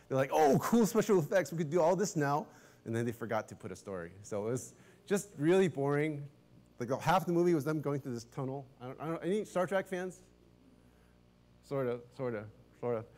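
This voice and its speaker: A middle-aged man preaching as a pastor, telling a story in a chatty, animated way, often restarting his sentences and laughing. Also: medium pitch. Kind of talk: casual storytelling sermon.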